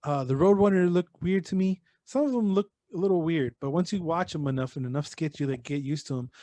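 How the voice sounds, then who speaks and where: A man's voice: fairly high pitch, brisk, mellow, no echo. A man co-hosting a podcast, chatting casually and rambling, swearing freely and slipping in bits of Spanish slang. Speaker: podcast co-host. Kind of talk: casual chat.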